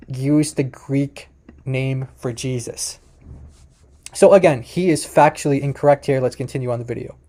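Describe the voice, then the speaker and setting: Emphatic man, dark-toned, commentating a video. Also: on the high side. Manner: emphatic, corrects himself often, addresses viewers as guys. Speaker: host reacting to a video.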